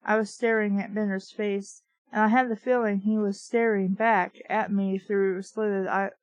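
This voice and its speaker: A woman's voice: mid-range voice, flat delivery, a little slow, no room sound. A woman reading a novel aloud with dry, sarcastic asides. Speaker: book reviewer reading aloud.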